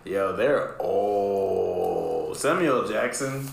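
A man's voice: fairly low pitch, animated, extremely slow, gravelly. A man co-hosting a podcast, mostly reacting to a friend's story with short remarks and questions. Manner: reactive listener, brief interjections and laughs. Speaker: podcast co-host. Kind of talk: casual chat. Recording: roomy echo with faint ambience.

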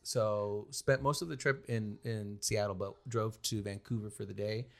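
A man's voice: on the low side, steady tone, normal speed, vocal fry. A man hosting a podcast, telling a travel story in casual chat with lots of ums and laughs. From United States. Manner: rambling, many ums and laughs. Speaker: podcast host.

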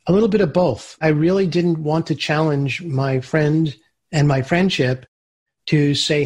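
A man, an entrepreneur and interview guest, telling business stories in a lively way. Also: fairly high pitch, unhurried. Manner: animated storyteller who acts out quoted voices. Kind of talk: storytelling interview answers.

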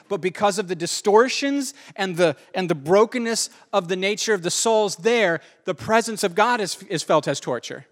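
A man's voice: high voice, moderate pace, hardly any pauses. A man preaching a sermon in an earnest, conversational way, often repeating his phrases for emphasis. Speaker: pastor.

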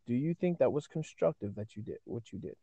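A man's voice: mid-range voice, lively intonation, a little fast, mellow. A man interviewing a guest, pressing with questions and repeating them to make a point. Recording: dull, lo-fi audio.

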